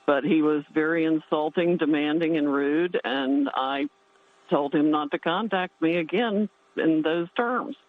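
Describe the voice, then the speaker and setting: A woman's voice: sits low, unhurried. Woman on a tinny phone line. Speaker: lawyer. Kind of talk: broadcast interview answer.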